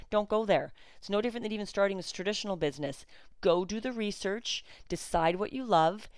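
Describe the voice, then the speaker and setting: A woman's voice: mid-range voice, no room sound. A woman, a coach and podcast host, talking in a blunt, outspoken way in a solo podcast monologue. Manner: sarcastic at times.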